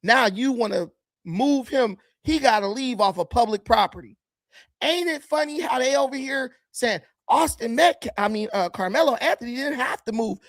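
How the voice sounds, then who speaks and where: A man's voice: very high-pitched, animated, moderate pace, dry recording. A man giving blunt, combative commentary while reacting to video clips, often mocking the people he watches. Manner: blunt, combative and mocking, with sudden swings in loudness.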